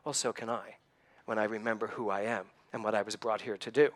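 A man's voice: on the low side, fairly even intonation, a little fast. A man in his sixties giving a conversational sermon, earnest and personal, telling stories and asking his listeners questions. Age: 60s. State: slightly emotional. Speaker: church speaker.

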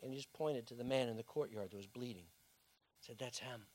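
A male pastor preaching a sermon as dramatic storytelling, swinging from loud bursts to hushed tones. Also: mid-range voice, fairly quick.

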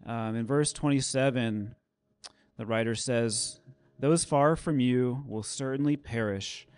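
A man's voice: medium pitch, unhurried, clear, resonant tone. A man closing a church service, talking casually and animatedly, with lots of "um" and "like", then leading a prayer. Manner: conversational, animated storytelling with fillers.

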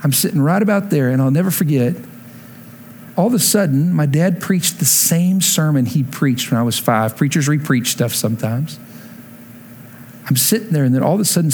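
A man preaching a sermon to a congregation, telling his own conversion story and climbing to emphatic peaks before dropping low and slow. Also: a little mellow, slight background noise. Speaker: pastor. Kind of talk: sermon with personal testimony. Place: church sanctuary before a congregation.

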